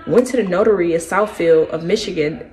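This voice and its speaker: A young woman vlogger telling a personal story in a casual, animated way. She keeps addressing her listeners directly. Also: on the low side, brisk, faint music behind. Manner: acts out other people's words as she tells it.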